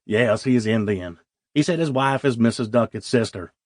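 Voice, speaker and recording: Man narrator putting on a deeper, plain-spoken older dad for an audiobook, dry close sound. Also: moderate pace, dry recording, close to an everyday voice. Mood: matter-of-fact. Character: gruff older survivalist father, matter-of-fact.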